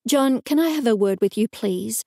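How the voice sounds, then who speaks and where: A stern, sharp-tongued funeral director woman with an Australian accent in a cozy mystery audiobook, as the narrator takes her on. Her curt lines come in a mellow, gravelly voice in a dry room. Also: on the high side, expressive, normal speed, no echo. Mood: stern, snapping. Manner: curt and raised when snapping.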